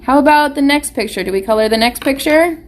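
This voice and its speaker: A woman's voice: high-pitched, animated, fast talker, slight background noise. A woman teacher giving a live online phonics lesson to young children, patient and encouraging, asking them question after question.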